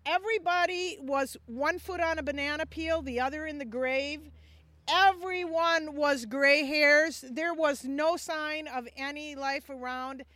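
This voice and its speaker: A woman who leads a missions ministry, telling a personal testimony in an animated way and acting out the dialogue. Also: high-pitched, a little slow, no room sound.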